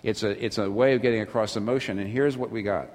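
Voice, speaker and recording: A man delivering a sermon in a lowish voice, earnest and searching, restarting phrases as he presses a point. His voice carries a long reverb, as in a large church hall. He swings between climbing intensity and hushed, low emphasis. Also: fairly even intonation, fast talker. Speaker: preacher.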